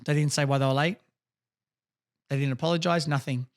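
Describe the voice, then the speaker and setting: A man's voice: fairly high pitch, steady tone, brisk. A man co-hosting a podcast in casual chat, blunt and emphatic, swearing freely. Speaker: podcast co-host.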